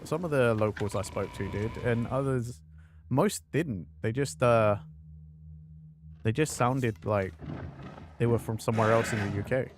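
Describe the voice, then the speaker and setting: A man from London with a mild, mixed British accent, chatting casually and swearing while streaming a game. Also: medium pitch. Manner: chatty, swears often, rambling. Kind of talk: casual gaming commentary.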